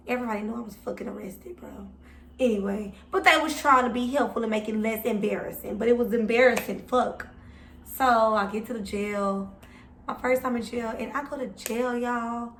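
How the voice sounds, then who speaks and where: A woman's voice: mid-range voice, slight background noise. A young woman vlogger telling a story casually and with swearing, talking straight to her viewers. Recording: echoey room, mic at a distance.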